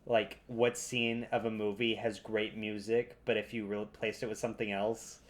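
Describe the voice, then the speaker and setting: A young man co-hosting a podcast, chatting loosely, swearing and breaking into loud laughter. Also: on the low side, level tone, moderate pace. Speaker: podcast co-host. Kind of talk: casual chat.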